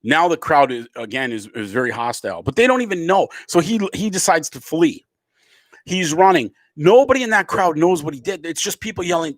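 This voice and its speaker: A man's voice: sits high, very animated, brisk, dry recording. A middle-aged man, a comedian from Canada, ranting angrily to camera and swearing freely. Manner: angry, emphatic, swearing freely. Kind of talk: profane political rant to camera.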